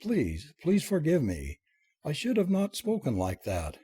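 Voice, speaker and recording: A man's voice: fairly high pitch, huge pitch swings, measured pace, warm tone, husky, no room sound, clean studio sound, exaggerated voice. A man reading aloud and voicing a flustered young man who stammers humble apologies in a storybook. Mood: apologetic.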